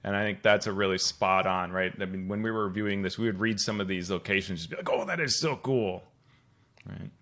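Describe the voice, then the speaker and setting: A man's voice: low-pitched, little pitch movement, fast talker, few pauses, pushed and bright. A man hosting a podcast in casual chat, asking loose questions padded with fillers. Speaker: podcast host.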